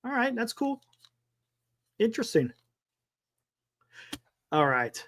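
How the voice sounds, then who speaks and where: High, lively-voiced man chatting casually. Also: slow pace. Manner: rambling, thinking aloud, mild swearing. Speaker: sports talk livestream host. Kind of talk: casual livestream chat.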